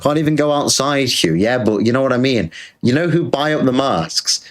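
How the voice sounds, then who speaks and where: British male streamer, sarcastic crude rant, mid-pitched voice. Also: expressive, normal speed. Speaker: streamer host. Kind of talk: livestream rant.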